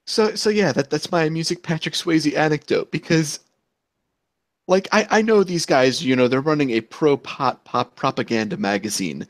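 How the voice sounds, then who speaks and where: A man hosts a casual podcast chat, telling anecdotes with animation and casual swearing, his pitch jumping up on the punchlines. He speaks at a moderate pace, and there's no echo.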